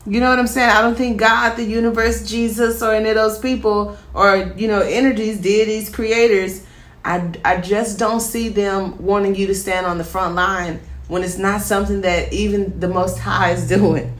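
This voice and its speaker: A woman's voice: mid-range voice, fairly even intonation, normal speed, roomy sound. A woman giving a casual tarot reading to her viewers, chatty and encouraging, with many fillers. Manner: chatty, encouraging, addresses viewers as "my star" and "my healers". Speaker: tarot reader.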